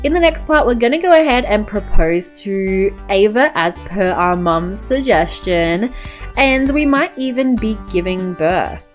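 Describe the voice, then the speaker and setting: A woman's voice: mid-range voice, lively intonation, a little slow, faint music behind. A young woman casually commenting while playing a life-sim game, chatty and playful. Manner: chatty, says "go ahead" often. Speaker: let's-play host.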